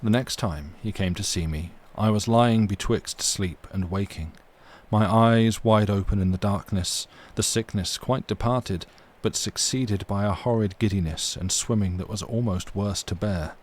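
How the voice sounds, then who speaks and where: A man reading a classic novel aloud on a livestream, steady and unhurried, correcting small slips as he goes. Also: fairly low pitch. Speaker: reader.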